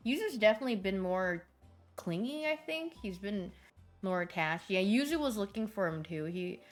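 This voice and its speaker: A young woman chats casually with her viewers as a streamer. She tells her stories in an animated way and slips into little voices for the people in them. Faint music plays underneath her voice. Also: medium pitch, moderate pace. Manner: chatty, animated storytelling with voiced asides.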